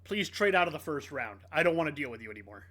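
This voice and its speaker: A man co-hosting a casual sports podcast, joking and quick to laugh. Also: on the high side, sing-song, pushed and bright. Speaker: podcast co-host.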